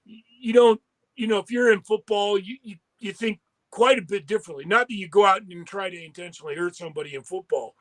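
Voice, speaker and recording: A man's voice: high-pitched, fairly even intonation, fairly quick, poor audio. A man talking earnestly and at length as a podcast guest, often circling back on his words. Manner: rambling, earnest, many restarts. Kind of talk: casual talk.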